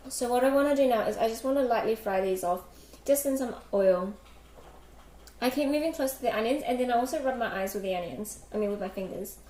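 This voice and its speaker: Woman, casual cooking streamer, higher voice, rambling with fillers, roomy kitchen echo, loud clatter of dishes behind. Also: brisk, slight background noise. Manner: chatty, many fillers, giggly. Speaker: livestream host cooking. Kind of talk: casual cooking livestream chat, reading chat. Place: home kitchen. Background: kitchen clatter, chopping and dishes.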